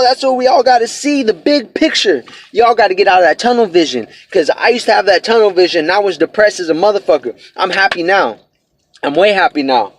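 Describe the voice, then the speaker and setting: A man's voice: high voice, lively intonation, a little fast. A man in his twenties giving a blunt, profane, heartfelt motivational vlog talk, casual street slang throughout. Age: 20s. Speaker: vlogger.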